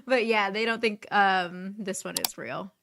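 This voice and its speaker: A woman's voice: medium pitch, steady tone, unhurried, background noise. A woman co-hosting a casual podcast, recounting stories with frequent "um"s and easy giggles. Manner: giggly, with frequent "um" while telling the story. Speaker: podcast co-host. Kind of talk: casual chat, recounting cases.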